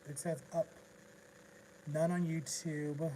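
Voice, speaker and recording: A man with a slightly high voice rambles through an emotional personal story on a casual livestream. He restarts his sentences often, talking straight into his phone. There is faint noise behind him. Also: flat delivery, slow pace, mellow, poor audio. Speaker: vlogger.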